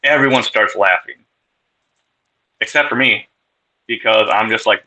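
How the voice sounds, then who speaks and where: Male storyteller, slow-talking and candid, a bit low-pitched, cursing freely. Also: bright, forceful tone, highs cut off. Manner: candid, profane, wry storytelling. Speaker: podcast guest sharing his recovery story. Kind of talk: casual personal storytelling.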